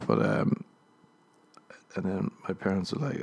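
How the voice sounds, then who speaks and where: A man's voice: low voice, little pitch movement, moderate pace, creaky, pauses often, warm tone. A man hosting a comedy podcast, telling rambling stories in a dry manner and laughing at his own jokes.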